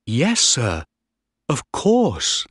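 Casting: man playing an eager young ship's boy, raised pitch, polite and lively. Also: extremely slow, breathy edge, dry recording, clean studio sound, heavily acted. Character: excited fourteen-year-old boy officer.

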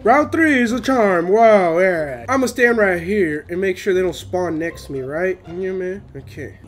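A young man giving gameplay commentary, excitable, swearing and yelling at the game, on a headset. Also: high voice, a little slow, a little hiss or hum. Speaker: gamer. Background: game music.

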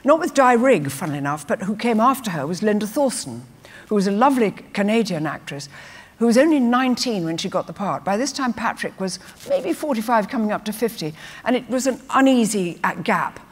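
A woman's voice: medium pitch, fairly quick, husky. Older woman telling stage stories in a hall. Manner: lively storyteller who acts out quotes. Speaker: guest actress. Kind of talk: anecdotal stage interview. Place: festival stage before an audience. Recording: reverberant live hall.

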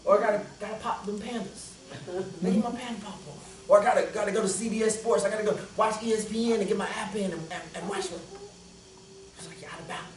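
A pastor preaching a sermon, telling a story with humor and laughter, swinging from loud outbursts to hushed, prayerful lines. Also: male voice, sits high, fast talker. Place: church sanctuary. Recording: echoey church hall from far off. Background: congregation calling out responses.

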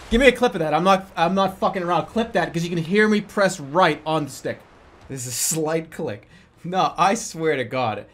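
A man streaming a video game, giving excitable live commentary and laughing often. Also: fairly high pitch, moderate pace.

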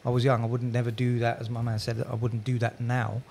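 A man's voice: mid-range voice, completely flat delivery, quick pace, creaky, a little mellow, slight background noise. A man from Essex with an Essex accent, a therapist guest talking candidly and reflectively on a podcast. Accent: Essex English. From Essex, England. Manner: reflective, self-deprecating, rambling.

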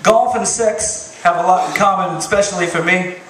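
Male stand-up, high-pitched, deadpan and crude; distant, echoey bar recording. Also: moderate pace, a little hiss or hum. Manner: deadpan one-liners, profane. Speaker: stand-up comedian. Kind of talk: stand-up comedy set. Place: bar stage with crowd. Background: audience laughter.

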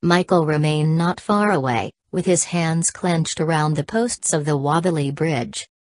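A woman's voice: low-pitched, unhurried, no room sound. A woman narrating an audiobook, reading every punctuation mark aloud. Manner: reads punctuation marks aloud.

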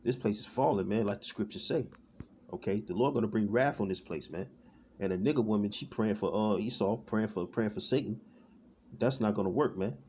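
A man's voice: fairly low pitch, fairly quick, a little mellow, slight background noise. A man giving an informal online sermon in a loose, repetitive way, often stopping and restarting as he searches for words. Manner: loose, repetitive, peppered with "man" and "all right". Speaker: street-style preacher.

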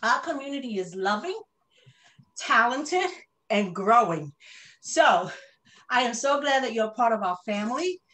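Brief: high-pitched, out-of-breath woman speaking slowly on a video call. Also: big pitch swings, fairly bright tone. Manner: breathless, laughing between phrases. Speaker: charity co-president. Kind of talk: speech at a fundraising event.

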